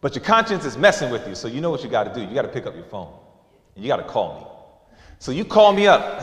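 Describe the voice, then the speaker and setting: A man's voice: mid-range voice, fast. A male preacher giving a sermon, telling stories and acting out the voices of the people in them. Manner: lively storytelling with acted-out voices. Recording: echoey hall.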